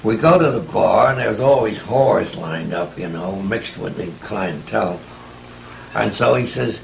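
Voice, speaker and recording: A man's voice: fairly low pitch, animated, measured pace, creaky, a little hiss or hum, low-quality recording. A man in his eighties, answering interview questions with reflective stories and chuckling asides. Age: 80s. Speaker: interviewee, writer. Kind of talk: conversational interview, storytelling.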